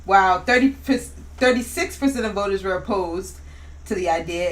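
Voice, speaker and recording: A woman's voice: medium pitch, normal speed. A young woman co-hosting a podcast in casual chat, rambling with many fillers and restarts. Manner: rambling, hesitant, laughing. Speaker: podcast co-host. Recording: distant mic, faint noise.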